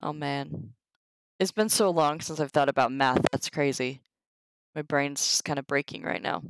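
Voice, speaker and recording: Low-voiced woman studying Latin on stream. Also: dry recording, rough recording. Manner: reads Latin aloud slowly, chatty asides. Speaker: streamer teaching herself Latin. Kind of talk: casual live-stream study session.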